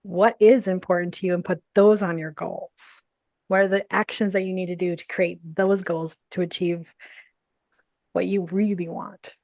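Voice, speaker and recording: A woman business coach telling a personal story in a casual interview, animated, laughing often and saying "like" and "you know" a lot. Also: lowish voice, moderate pace, no echo.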